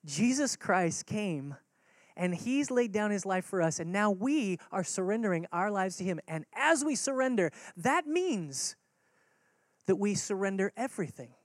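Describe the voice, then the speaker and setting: A man's voice: high voice, animated, normal speed, no echo. Earnest man preaching a sermon, dry sound. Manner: earnest, conversational preaching with repeated key words. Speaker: pastor.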